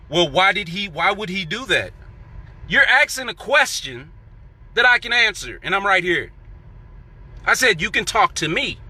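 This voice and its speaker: In a high, sharp voice, a man tells a heated story about work. It's a casual, profane monologue where he acts out what he and his coworkers said.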